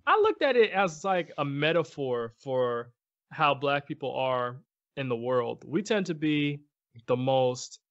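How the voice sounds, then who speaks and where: A man's voice: medium pitch, lo-fi sound. A man co-hosting a podcast in casual chat, earnestly steering the topics. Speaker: podcast co-host.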